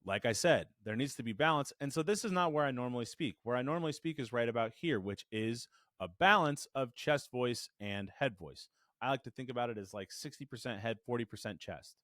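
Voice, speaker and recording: A man teaching a voice lesson to camera, animated and demonstrative, shifting his resonance to show the difference. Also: medium pitch, brisk, dry recording, clean studio sound. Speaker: voice coach. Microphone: studio microphone.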